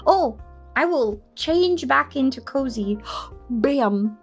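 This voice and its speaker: Young woman streamer, high voice, unhurried chatter, jumps to squeals and giggles, soft music underneath. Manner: playful and excitable, squealing and laughing, mock outrage at her computer. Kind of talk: casual live-stream chat.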